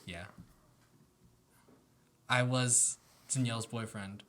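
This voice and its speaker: A man's voice: medium pitch, steady tone, takes it slowly, fairly bright tone. A man hosting a podcast in casual chat, joking and playful. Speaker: podcast host.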